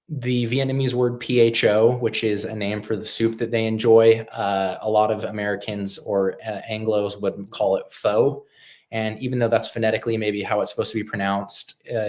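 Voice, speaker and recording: A man hosting a live stream, talking casually in a rambling, opinionated way with lots of fillers and restarts. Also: lowish voice.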